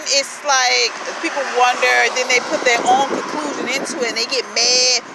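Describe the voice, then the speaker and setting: A woman giving a casual motivational talk in a blunt, repetitive way, swearing freely as she urges listeners to speak up and look after themselves. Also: sits high. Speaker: motivational vlogger. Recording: outdoor street noise.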